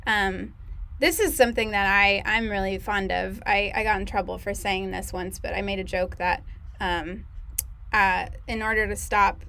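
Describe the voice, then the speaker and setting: A woman's voice: mid-range voice, fairly even intonation, normal speed, vocal fry, bright, forceful tone. A woman hosting a comedy livestream in a casual, rambling way, with lots of fillers and giggles. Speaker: host and producer of a comedy show.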